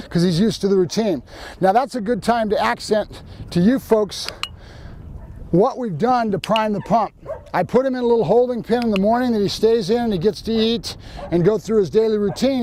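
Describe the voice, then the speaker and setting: A man's voice: high-pitched, a little mellow. A man, a professional dog trainer, explaining his training methods plainly and directly to viewers. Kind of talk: instructional training video.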